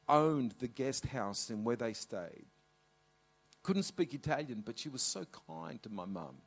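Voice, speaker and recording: A middle-aged man preaching as pastor, telling a family story with animated swings of pitch. His voice sits somewhat high for a man, and he keeps restarting with "and so". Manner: animated, repeats "and so". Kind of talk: storytelling sermon.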